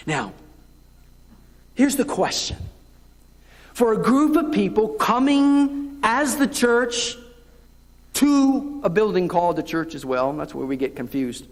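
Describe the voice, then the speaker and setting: Man, Southern US accent, pastor, conversational sermon, lively impersonations, church sanctuary with long reverb. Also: sits high, slow pace, pauses often. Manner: conversational preaching, acts out voices of churchgoers. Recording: long reverb of a church hall, local TV broadcast.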